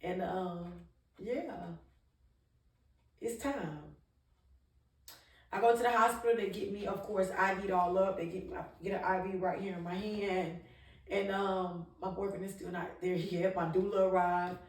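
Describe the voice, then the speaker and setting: A woman's voice: medium pitch, fairly even intonation, measured pace, a little mellow, recorded from a distance. A woman vlogger candidly telling a personal story in an emphatic, conversational way, often restarting her sentences. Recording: echoey room, voice a little off-mic.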